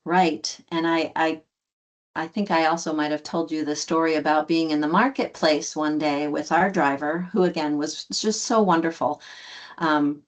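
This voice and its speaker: A woman's voice: sits low, moderate pace. A woman, a guest and adoptive mother, telling a story in conversation and acting out the quoted lines with many restarts. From United States. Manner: animated, acts out quoted dialogue with restarts.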